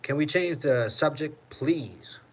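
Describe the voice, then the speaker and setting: Livestream host, male, slightly high voice, loose rambling delivery, chats with his viewers. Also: animated, slow pace, slightly rough, low-quality recording. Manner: rambling, repeats "you know what I mean". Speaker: livestream host reading chat. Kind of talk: casual livestream chat.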